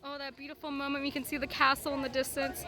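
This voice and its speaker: A woman's voice: sits high, completely flat delivery, quick pace. A young woman vlogging her day at a theme park, gushing and giddy as she narrates. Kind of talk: excited theme park vlog.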